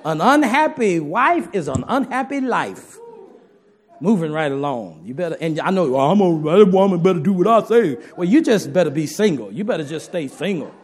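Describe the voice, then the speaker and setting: A man's voice: a little high, lively intonation, moderate pace. A man preaching a sermon to his congregation in a folksy, humorous way, talking straight to the listeners.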